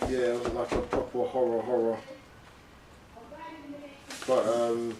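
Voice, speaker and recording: A man's voice: medium pitch, completely flat delivery, unhurried, background noise. A man hosting a casual sports chat, chatty and filling his talk with "you know what I mean". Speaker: podcast host. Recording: echoey room, mic at a distance.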